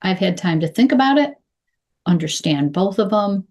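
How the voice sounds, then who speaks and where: A woman coaching clear English, speaking deliberately and modeling phrases slowly with pauses. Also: mid-range voice, expressive, a little mellow. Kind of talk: instructional talk to camera.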